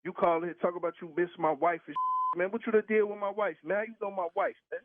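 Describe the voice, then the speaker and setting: A prank call target speaks fast with a high-pitched voice and fairly even intonation, with no echo. Over a tinny phone line, the heated call has him being blunt and profane, hitting the same questions again and again.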